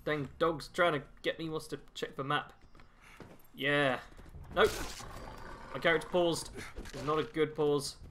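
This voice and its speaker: Male streamer, slightly high, chatty and easygoing while playing, faint hiss behind. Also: steady tone, unhurried, long pauses, bright, forceful tone. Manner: chatty, reads chat aloud while playing. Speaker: game streamer. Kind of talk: casual live-stream commentary.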